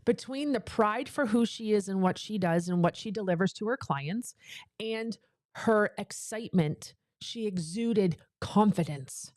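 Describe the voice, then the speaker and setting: A woman coaching entrepreneurs in a motivational livestream talk, leaning on emphatic repeated phrases between chatty asides. Her voice sits at an ordinary middle pitch. It is recorded close on the microphone in a dry, dead space. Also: measured pace, a little mellow, no room sound. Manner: emphatic, repetitive motivational cadence. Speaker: business coach for female entrepreneurs.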